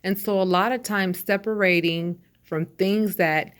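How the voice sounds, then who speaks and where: A woman who hosts a channel, giving a calm, reassuring tarot reading that speaks straight to her listeners. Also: mid-range voice, measured pace. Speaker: tarot reader.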